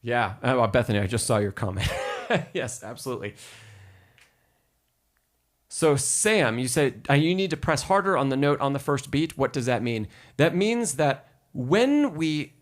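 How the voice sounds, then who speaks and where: A man with a medium-pitched voice, lively intonation, and a measured pace gives a live-streamed piano lesson. He explains rhythm patiently, counts the beats aloud, and answers viewers' chat questions.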